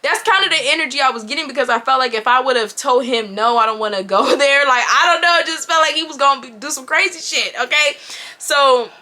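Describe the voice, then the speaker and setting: A young woman in her twenties tells a story to her viewers in a lively, chatty way. Her voice sits a little high and sounds bright and forceful. She keeps turning to the audience as she goes. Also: fairly quick. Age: 20s. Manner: animated, chatty, addresses viewers directly. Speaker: YouTuber. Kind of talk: casual storytime.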